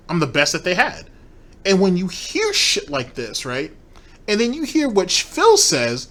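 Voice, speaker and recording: Guy ranting on stream, swears a ton, scornful, kinda high voice. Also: fairly bright tone. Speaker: commentary streamer. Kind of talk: ranting commentary.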